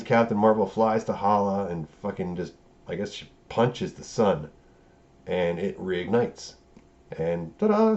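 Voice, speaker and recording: A man's voice: lowish voice, warm tone, dull audio. A man giving a rambling, profane, casual film review, acting out the characters' lines as he goes.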